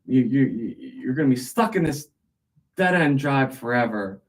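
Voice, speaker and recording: A man voicing a nagging male pet parrot that insults its owner in a slow, scolding way. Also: medium pitch, animated, distant mic, natural voice.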